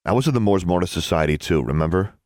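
A man's voice: sits low, expressive, quick pace, darkish tone, no echo, clean studio sound. A man voicing an earnest, slightly awkward teenage wizard boy.

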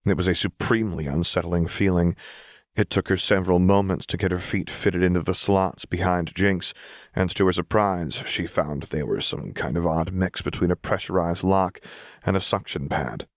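A man reading a fan-fiction story aloud as narrator, with steady storytelling. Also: deep voice, moderate pace, dry recording, clean studio sound. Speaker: audiobook narrator. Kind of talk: scripted narration.

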